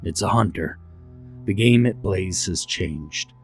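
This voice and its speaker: A man voicing a grumpy, gruff older ranger boss on a radio in a horror story. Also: sits low, slow, faint music behind, full character voice.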